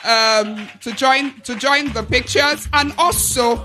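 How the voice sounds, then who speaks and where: A Nigerian woman MC with a high, bright, ringing voice, working a live crowd on a handheld mic. She talks in an unhurried way, teasing the audience and calling for cheers. Faint music plays behind her. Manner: playful, teasing, hypes the crowd. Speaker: event MC. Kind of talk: lively event hosting with crowd calls.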